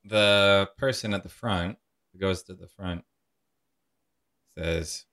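A man narrating a tabletop game as game master, calm and measured with frequent fillers. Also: low voice.

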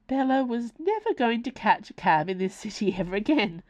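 A woman reading her own novella aloud in expressive, lively scripted narration. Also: a little high, fairly quick, few pauses.

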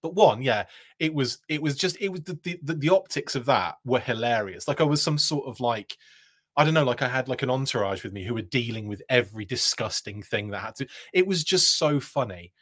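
A man hosting his own live show, spinning a long, rambling anecdote. His pitch climbs and dips all over the place as he gets caught up in the story. He laughs often and keeps restarting his sentences. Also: lively intonation, fairly quick, fairly bright tone. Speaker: host.

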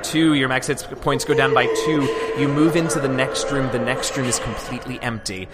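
A man's voice: medium pitch, fairly even intonation, fairly quick, loud music behind the voice. A man narrating as game master of a tabletop game, describing scenes with some hesitant restarts.

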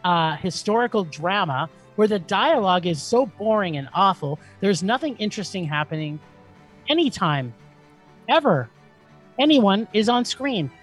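A woman's voice: medium pitch, expressive, normal speed, slightly rough, faint music behind. A woman co-hosting a podcast, giving a profane and dramatic film review rant. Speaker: podcast co-host.

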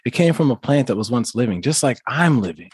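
A man's voice: medium pitch, very animated, quick pace, darkish tone, breathy edge, dry recording. A man co-hosting a casual chat, talking in a laid-back, profane way. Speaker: podcast co-host.

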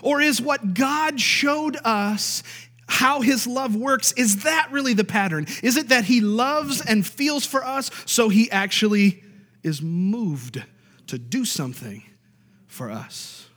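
A man's voice: very high-pitched, animated, slow, pushed and bright, long reverb tail. A married man preaching a sermon, stressing key lines by repeating them and calling out for amens. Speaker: pastor.

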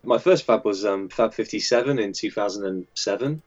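A man with a very deep voice talks through his work in a casual interview. He rambles along with lots of ums and false starts. The recording is dull and lo-fi. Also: normal speed. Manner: chatty and hesitant, with many fillers and restarts. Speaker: magazine editor and designer.

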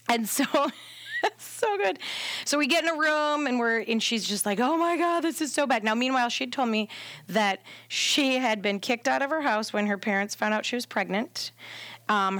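A woman with a fairly high voice tells a story to podcast hosts. She talks casually and with a lot of energy, acting out the lines of the people in it. The close studio mic sounds dry. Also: dry recording. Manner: animated, acts out quotes with laughs. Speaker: doula, podcast guest.

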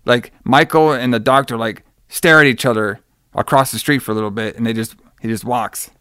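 A man co-hosting a horror-movie podcast recaps plot points in a loose, rambling way, laughing and swearing as he goes. His voice is smooth and clear. The recording is dry and close to the mic. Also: medium pitch, fairly even intonation, brisk, sharp tone, no echo. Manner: rambling, profane, laughs often. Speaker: podcast co-host. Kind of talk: casual movie-review chat.

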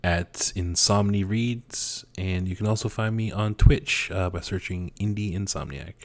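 Man podcast co-host, very deep voice, dry close sound, relaxed. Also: measured pace, dry recording. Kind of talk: casual podcast chat.

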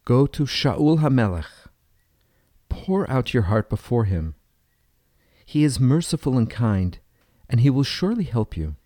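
A man voicing a kindly elderly judge who speaks in a gentle, fatherly way. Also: medium pitch, very animated, measured pace, long pauses, dry recording, studio quality.

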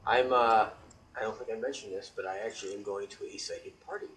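A man chatting casually, relaxed, who mostly answers with short agreeing words. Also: lowish voice, quick pace. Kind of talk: casual chat. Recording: echoey room, distant mic, faint noise.

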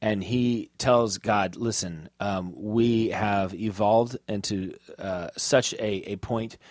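A man's voice: on the low side, takes it slowly, dry recording, clean studio sound. A man in casual chat, trading jokes and retelling one with stops, restarts and fillers.

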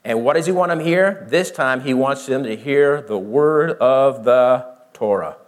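A man giving a verse-by-verse Bible teaching, who explains slowly, asks his listeners questions and acts out both sides of the argument. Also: mid-range voice.

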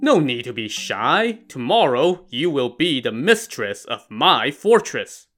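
A man voicing a drunk, boastful male bandit chieftain with a loud, cocky, jovial manner. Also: mid-range voice, big pitch swings, takes it slowly, faint music behind, full character voice.

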